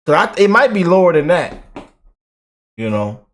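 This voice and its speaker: A man hosts a casual political reaction show in a slightly high voice. He is animated and mocking, with loose slang and plenty of repeated words. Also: moderate pace. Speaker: political commentary host.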